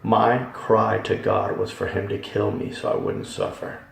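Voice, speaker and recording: A man giving a dramatic Christian testimony, emphatic, swinging from hushed tones to loud ones. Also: lowish voice, measured pace, vocal fry, slight background noise. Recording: echoey hall, voice from far off.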